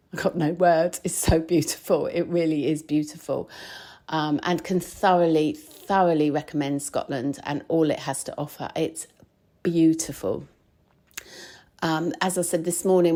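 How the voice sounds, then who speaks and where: Chatty woman podcaster, slightly low voice. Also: darkish tone. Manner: chatty, rambling with many fillers and restarts. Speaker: podcast host. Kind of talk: casual chat. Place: recorded on the road while travelling.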